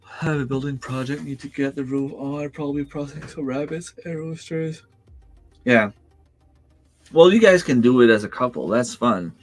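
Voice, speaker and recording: A man's voice: mid-range voice, normal speed, soft background music. A man hosting a casual livestream from home, chatting with viewers and answering their comments in a rambling way, with lots of fillers and restarts. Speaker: livestream host. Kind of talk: casual live-chat reading comments. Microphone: desk microphone.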